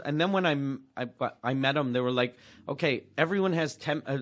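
A man's voice: fairly high pitch, brisk, a bit bright. A middle-aged man, co-hosting a casual podcast and telling a rambling, profane story. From Quebec, Canada. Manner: rambling, profane, restarts often. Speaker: podcast co-host, comedian.

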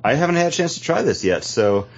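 A man hosting a casual podcast, relaxed as he introduces segments and beers. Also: on the high side, fast. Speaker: podcast host. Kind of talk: casual chat. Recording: dull lo-fi podcast audio.

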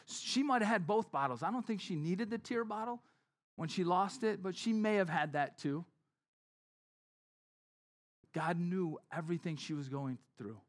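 Delivering a sermon, this pastor keeps it conversational and brings the story's characters to life. Their quotes come out with changes in his pitch and volume.

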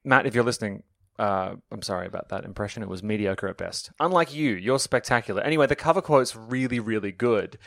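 A man's voice: on the low side, quick pace, vocal fry, hardly any pauses, fairly bright tone, no echo. Chatty man, dry close sound. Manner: chatty, enthusiastic, jokey. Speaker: podcast co-host and author. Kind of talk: casual chat.

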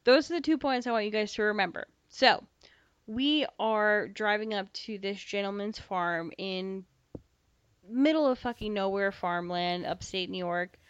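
A young woman co-hosting a podcast, telling a story in casual chat, animated, swearing freely and acting out dialogue. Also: mid-range voice, measured pace, clean tone, no room sound. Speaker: podcast co-host. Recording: slightly dull dry podcast mic.

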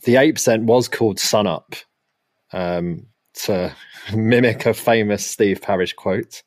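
A man's voice: on the low side, measured pace, no room sound, clean studio sound. A man hosting a podcast in casual chat, teasing his co-host and laughing often.

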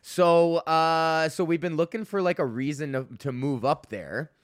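A man's voice: fairly high pitch, unhurried. A young man hosting a podcast, telling a story in a casual rambling rant full of swearing, fillers and restarts. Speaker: podcast host. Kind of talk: casual ranting monologue.

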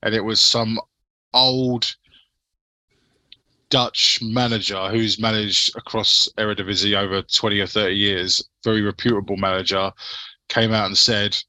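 A man with a very bright, forward voice and a slightly low pitch hosts a laid-back football podcast. He rambles, swears casually and keeps passing questions to his co-hosts, recorded dry and close. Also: steady tone, a little slow, no echo. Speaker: podcast host.

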